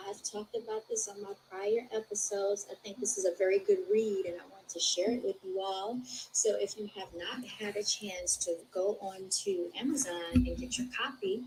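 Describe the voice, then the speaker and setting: A woman hosts her own show in a relaxed, chatty way and keeps addressing her listeners as y'all. She reads passages from a book aloud at a middle pitch for a woman. A faint bed of noise sits under her voice on a video call. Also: normal speed, rough recording. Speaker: podcast host. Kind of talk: casual chat and reading a book aloud.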